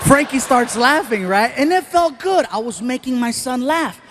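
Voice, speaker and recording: A man doing animated stand-up storytelling on a live stage, throwing in sound effects. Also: very high-pitched, normal speed, slight background noise. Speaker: stand-up comedian.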